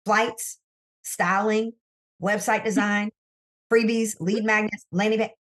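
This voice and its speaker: A woman sales coach, a guest in an interview, telling her story in an emphatic, animated way and talking straight to listeners, from her office. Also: medium pitch, a little slow. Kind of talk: candid faith-based interview storytelling.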